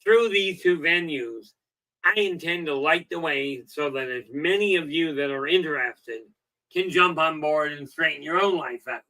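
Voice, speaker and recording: A man's voice: on the high side, moderate pace, sharp tone, low-quality recording. A middle-aged man hosting a self-help livestream, rambling in a folksy way with lots of "okay" and "you know," and telling jokes. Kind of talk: casual livestream talk.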